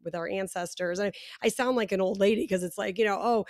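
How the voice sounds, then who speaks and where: A woman from the United States speaks as a podcast guest, explaining her product with animated conviction and plenty of fillers. Her voice sits in a mid range, and the sound is dry, with no room echo. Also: mid-range voice, fast. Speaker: podcast guest, probiotic company founder. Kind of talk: casual interview chat.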